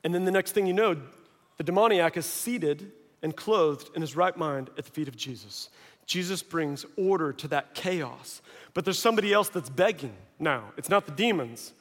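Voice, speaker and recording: A man with a fairly high voice delivers a storytelling sermon. He acts out the voices in the story and swings from hushed lines to shouting. The sound carries a long hall reverb. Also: lively intonation, normal speed. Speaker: preacher.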